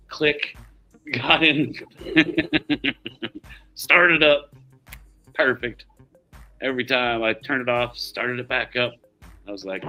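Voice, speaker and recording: A man's voice: lowish voice, unhurried, pauses often, pushed and bright, soft background music. A middle-aged man hosting a livestream, telling rambling stories in casual chat, swearing freely and laughing often. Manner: profane, rambling storyteller who laughs often. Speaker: livestream host.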